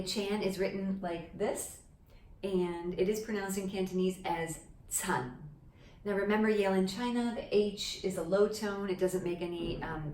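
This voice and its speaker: A woman's voice: lowish voice, a little mellow, slight background noise. A woman teaching a language lesson at a board in a casual, chatty way, often checking in with "okay?". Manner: chatty, explaining step by step with frequent "okay?" checks. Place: indoor room with a board. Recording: echoey room, mic at a distance.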